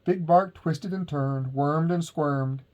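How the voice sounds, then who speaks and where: Slow, gentle man reading a bedtime story. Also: a little high, highs cut off.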